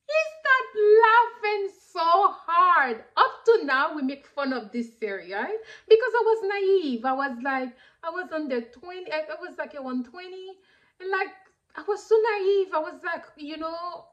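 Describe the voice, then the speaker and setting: A woman in her thirties whose first language is French, telling a personal story in a lively way, with many fillers and bursts of laughter. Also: sits high. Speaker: vlogger. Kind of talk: casual storytelling.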